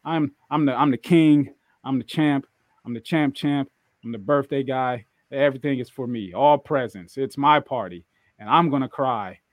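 A man's voice: mid-range voice, normal speed, no echo. A man co-hosting a casual wrestling podcast, bragging and trash-talking with lots of swearing and laughter. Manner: boastful, profane, laughing trash talk. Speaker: podcast co-host.

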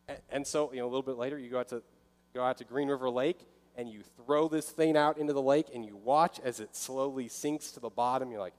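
Here the pastor's medium-pitched voice is lively in intonation and a bit quick. His sermon feels casual and conversational, broken now and then by brief impressions of a fretful listener's inner thoughts. Long hall reverb trails his speech.

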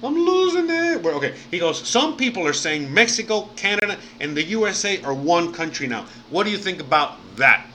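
A man's voice: on the high side, lively intonation, fairly quick, few pauses, sharp tone, a little hiss or hum, poor audio. A man from Miami chatting casually on a live stream, rambling with lots of fillers, swearing now and then and thanking viewers by name. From Miami, United States.

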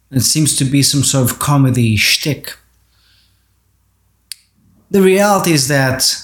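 A man with a voice pitched a little high delivers an earnest monologue on parenting. He speaks directly to parents in a steady, reflective way. The recording carries a noticeable room echo. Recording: roomy echo.

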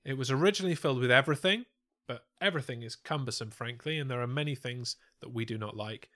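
A man's voice: mid-range voice, quick pace, pushed and bright. A man co-hosting a casual live-streamed podcast, joking and spinning absurd stories. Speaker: podcast co-host. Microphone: studio mic on a stand.

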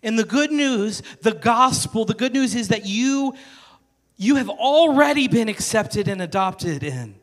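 Earnest high-voiced male pastor preaching. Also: expressive, measured pace, long reverb tail. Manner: earnest, conversational preaching with emphatic repetition. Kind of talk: sermon.

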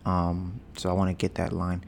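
Young guy chatting on his home podcast, lowish voice, rambly and joking, bit of hiss behind. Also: completely flat delivery, normal speed. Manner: rambling, joking, boastful about his smooth voice. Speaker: podcast host. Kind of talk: casual podcast chat. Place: home, storm outside. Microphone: podcast mic with headphones.

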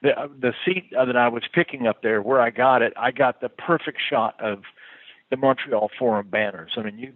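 Man, casual storyteller, rambling, lots of fillers, medium pitch, tinny phone-like sound. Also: dry recording. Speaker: touring musician. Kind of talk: casual anecdote telling.

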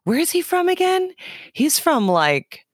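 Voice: very high voice, wildly swooping pitch, a little slow, no echo, studio quality. A podcast co-host in casual chat, joking, riffing on bits and laughing often. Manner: joking, laughs a lot, riffs on jokes.

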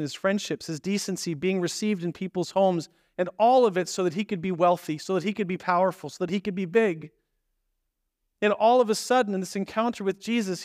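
High-voiced conversational preacher. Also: male voice, no room sound, clean studio sound. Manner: conversational, emphatic storytelling with acted asides. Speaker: pastor. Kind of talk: sermon.

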